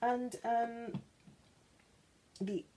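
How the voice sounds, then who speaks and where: A woman from England chatting playfully about perfumes, gushing and now and then dropping into soft whispers. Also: a little high, fairly even intonation, very slow, slight background noise. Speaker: perfume vlogger. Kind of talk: chatty vlog.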